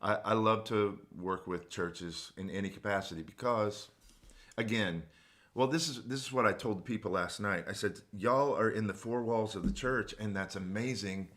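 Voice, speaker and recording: A man's voice: on the low side, moderate pace, fairly bright tone. A man, a vocal coach and producer, speaking earnestly about his faith as a guest on a casual livestream chat.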